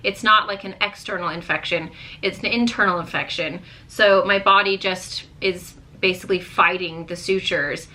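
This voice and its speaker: Woman, bright tone, casual vlog chat, venting, full of fillers and restarts. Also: on the low side, steady tone, moderate pace. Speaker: vlogger. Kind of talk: candid casual chat to camera.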